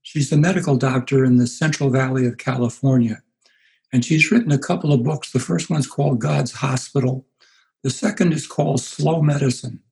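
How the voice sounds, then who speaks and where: A man in his eighties, a pastor being interviewed, telling stories in an unhurried, reflective way. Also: medium pitch, vocal fry, a little mellow, rough recording. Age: 80s. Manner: unhurried, anecdotal, puts on voices for quoted people. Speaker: guest, pastor.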